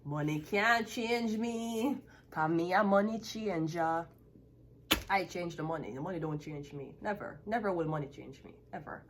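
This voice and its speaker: A woman's voice: medium pitch, moderate pace, slight background noise. A woman, a tarot reader ranting bluntly and profanely to the camera. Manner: profane, blunt, emphatic, laughs often. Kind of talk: unscripted rant to camera.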